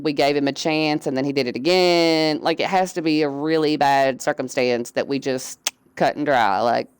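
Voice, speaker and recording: Woman, streamer, low voice, smooth, laid-back drawl, dry close sound. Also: no echo. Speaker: streamer and crew leader. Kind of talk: casual live-stream chat.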